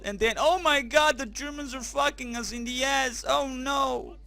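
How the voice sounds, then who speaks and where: A man giving crude, joking, excitable commentary while playing a video game, now and then crying out German phrases. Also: very high voice, normal speed, creaky. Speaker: gaming commentator. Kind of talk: let's play commentary.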